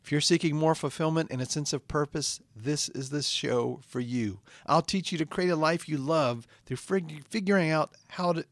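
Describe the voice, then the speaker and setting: Exasperated deadpan man hosting. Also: on the high side, normal speed, few pauses, no room sound. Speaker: podcast host. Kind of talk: comedic podcast chat and mock-motivational intro.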